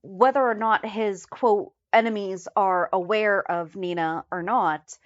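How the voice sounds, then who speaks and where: A woman's voice: medium pitch, a little slow, no echo, muffled recording. A woman co-hosting a fan podcast, chatting casually and reading through a list of episode headlines. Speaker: podcast co-host. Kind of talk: casual recap chat.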